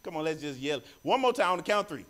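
A man preaching a sermon in church, animated, repeating phrases and calling for responses from the congregation. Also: on the high side, quick pace, slight background noise.

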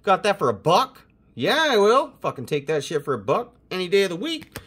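A man's voice: high-pitched, fairly quick, slightly rough. Hyped, foul-mouthed young man. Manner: profane, excitable, hyped. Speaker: host opening sports cards. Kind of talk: casual card-opening commentary.

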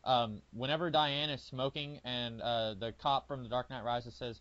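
A man's voice: medium pitch, fairly even intonation, normal speed, few pauses, fairly bright tone, no room sound. A man co-hosting a podcast in casual chat, rambling with lots of fillers as he retells scenes with animation. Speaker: podcast co-host. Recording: dull lo-fi audio.

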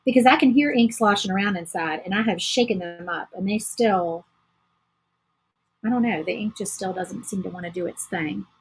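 A woman's voice: medium pitch, normal speed, low-quality recording. A woman hosting a casual crafting livestream, chatting to viewers while she paints. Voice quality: very husky.

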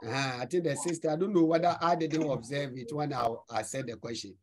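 Ghanaian man teaching French, high voice. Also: slight background noise, poor audio. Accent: Ghanaian English. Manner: explains slowly, repeats words. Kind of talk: online class review.

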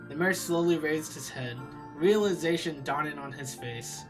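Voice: mid-range voice, normal speed, music in the background, rough recording. Playful streamer reading a visual novel aloud. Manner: playful, self-mocking asides. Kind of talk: live-stream story reading with commentary.

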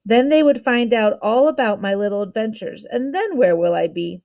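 A woman's voice: a little high, animated, normal speed, highs cut off. A woman reading aloud and voicing an amused, playful male king who gives orders in a teasing way. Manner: commanding yet teasing.

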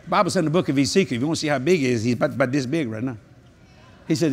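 An older man preaching a humorous sermon at a convention, telling jokey stories and breaking into sudden high-pitched exclamations. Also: racing, slightly rough. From New Orleans, Louisiana. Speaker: evangelist. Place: large convention hall.

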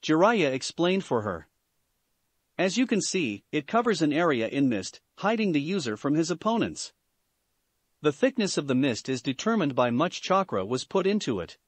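A man narrating fan fiction aloud in a steady storytelling manner. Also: on the high side, moderate pace, no room sound.

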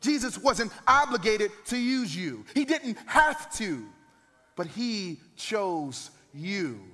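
Pastor in his thirties, high-pitched man, preaches with build-ups to loud peaks; reverberant church hall. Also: very animated, slow pace. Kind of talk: sermon.

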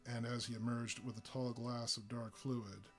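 A man reading a story aloud for a live reading, with steady pacing and the odd filler. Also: mid-range voice, moderate pace, soft background music. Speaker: reader.

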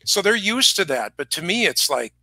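A chatty man hosting an online concert pre-show with a high, gravelly voice that is bright and sharp. He rambles from story to story in easy conversation, recorded dry with little room sound. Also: very animated, moderate pace, dry recording. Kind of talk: casual chat. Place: music shop.

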